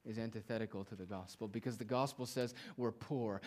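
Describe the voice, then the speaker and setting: A male preacher delivering a sermon, drawing out quiet phrases slowly and then rising to loud, emphatic declarations. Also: medium pitch. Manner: swings between hushed, drawn-out phrases and loud emphatic declarations.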